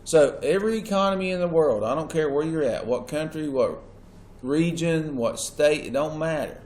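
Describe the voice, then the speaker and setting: A man's voice: a little high, moderate pace, a little mellow. A man lecturing a class as their teacher, asking questions and stressing key words. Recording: echoey classroom with faint noise.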